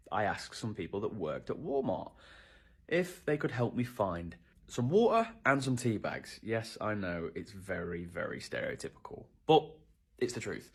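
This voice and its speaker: A man's voice: lowish voice, husky. British man telling a comic story. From Britain. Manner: dry, self-mocking comic delivery. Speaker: vlogger. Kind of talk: humorous storytelling to camera.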